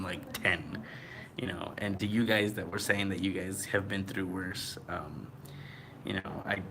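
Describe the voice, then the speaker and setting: A man telling a story to his viewers in a casual, rambling way, full of fillers and a little out of breath. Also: sits low. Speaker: vlogger.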